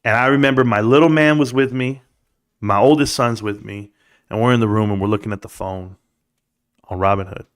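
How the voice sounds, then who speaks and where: A man's voice: medium pitch, brisk, fairly bright tone. A man hosting a livestream, ranting casually with rambling stories and emphatic rhetorical questions. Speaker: livestream host. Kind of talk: casual stock-market rant.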